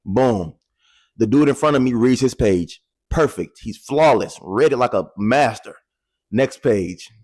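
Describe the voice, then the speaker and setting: A man in his twenties telling a personal story to the camera in an animated, candid way, talking straight to viewers and swearing casually. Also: mid-range voice, measured pace, vocal fry, no room sound.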